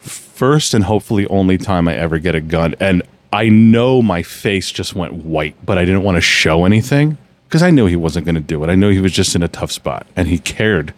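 A man with a very deep voice tells stories on a casual chat podcast. He rambles and often restarts his sentences. The sound is dry and close to the mic. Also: moderate pace, no echo. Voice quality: low, relaxed storytelling with frequent restarts. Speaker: podcast host.

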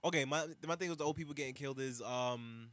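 A man's voice: mid-range voice, fast talker, fairly bright tone, no room sound. A man co-hosting a podcast, blunt and teasing in casual chat. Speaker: podcast co-host.

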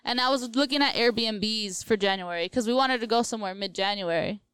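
A woman's voice: fairly high pitch, brisk, a bit bright, clear, resonant tone, no room sound, rough recording. A young woman in her twenties on a casual podcast, telling a breakup story with lots of quoted back-and-forth and "like". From Latina, US.

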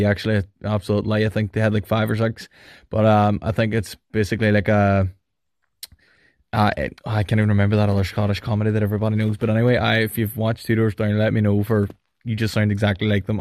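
A man's voice: lowish voice, monotone, fast talker, a little mellow, no echo, clean studio sound. A man leaving a cheerful, rambling voice message for a podcast. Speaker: listener message. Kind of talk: recorded voice message.

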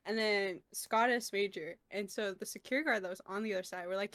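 A woman's voice: mid-range voice, fairly quick, few pauses, fairly bright tone, no echo. A young woman guest on a casual podcast, recounting events in a chatty, filler-heavy way with laughs in between.

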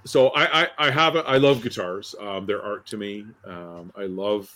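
A man's voice: on the low side, moderate pace, pushed and bright. A man co-hosting a casual talk show, rambling a bit and repeating words as he speaks. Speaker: podcast co-host. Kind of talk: casual chat.

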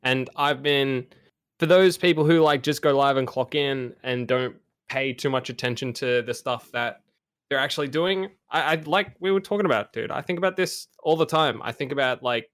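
A man's voice: mid-range voice, moderate pace, fairly bright tone, no room sound, clean studio sound. A young man co-hosting a podcast, talking casually and rambling with lots of fillers and some swearing. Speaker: podcast co-host, streamer.

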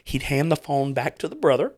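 A man's voice: on the high side, very animated, brisk, a little mellow. A man hosting a podcast, telling a story in a loose, rambling way with many restarts. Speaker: podcast host. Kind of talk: casual chat.

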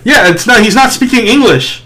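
A man's voice: very high voice, lively intonation, a little fast, crowd noise. A young man chatting casually, laughing often, swearing, and acting out the people in his stories. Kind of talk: casual chat.

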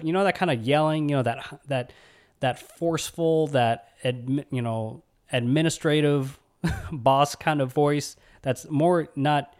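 A young man from Alabama hosting a podcast, telling a personal story in a relaxed, rambling way with many fillers and restarts. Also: mid-range voice. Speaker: podcast host.

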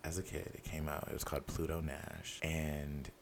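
A man's voice: extremely low pitch, flat delivery, normal speed, vocal fry, slight background noise. A man co-hosting a casual podcast, sassy and playful, laughing often. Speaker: podcast co-host. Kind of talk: casual chat.

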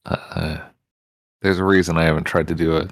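A man's voice: extremely low pitch, flat delivery, moderate pace, gravelly, dry recording. A laid-back man chatting as a player in a tabletop game. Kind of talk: casual chat at a tabletop game.

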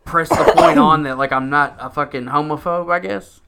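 A man's voice: fairly high pitch, moderate pace, vocal fry, pushed and bright, clear, resonant tone. A man co-hosting a podcast, telling a rambling story in casual chat, swearing often and filling with "like" and "you know". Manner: rambling, heavy swearing and filler words. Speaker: podcast co-host.

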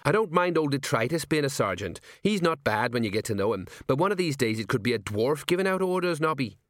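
A man's voice: medium pitch, big pitch swings, fast, fairly bright tone, no room sound, voice pushed up. A man voicing an older watch sergeant, set in his ways, with a folksy, rambling, common way of talking. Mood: grumbling.

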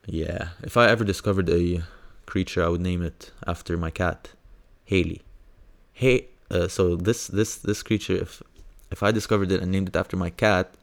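A man hosting a casual science news podcast, rambling and hesitant with lots of fillers, now and then breaking into high squeals of delight. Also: steady tone, normal speed, vocal fry. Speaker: podcast host.

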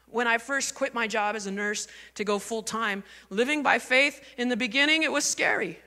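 Woman, pastor, conversational sermon, asks the crowd questions, bright voice, long church reverb. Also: a little high, normal speed. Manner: conversational and animated, asking the congregation questions.

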